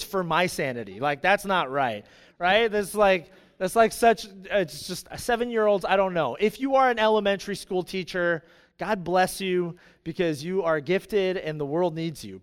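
A young man preaching a sermon, telling a personal story in an animated way with many asides. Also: high voice, smooth, big-room sound.

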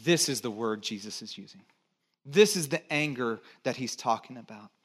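A middle-aged American man preaching a conversational sermon in a church, asking the congregation to repeat words and adding joking asides, swinging between loud emphatic lines and quiet low ones. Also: expressive, moderate pace. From United States. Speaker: pastor.

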